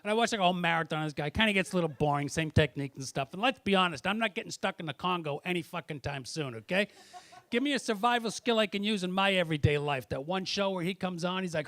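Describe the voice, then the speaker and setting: A middle-aged male stand-up comic with a slightly high voice works the room with a handheld mic, swearing freely and needling people in the crowd. The sound is close and dry. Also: expressive, fast talker, a bit bright, dry recording. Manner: profane, brash, teasing the audience. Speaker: stand-up comedian. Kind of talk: stand-up set with crowd work. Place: comedy club stage.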